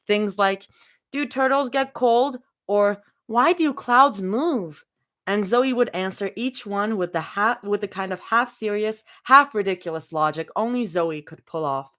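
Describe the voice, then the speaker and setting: A woman's voice: medium pitch, a bit bright. Giggly woman live-reading fanfiction. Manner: giggly, chatty asides. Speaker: fanfiction reader. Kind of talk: live cold reading with reactions.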